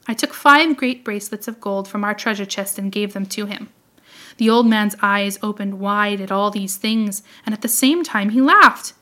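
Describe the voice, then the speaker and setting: Bright-voiced woman reading a story aloud. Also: mid-range voice, normal speed. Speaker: audiobook reader. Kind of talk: scripted storybook narration.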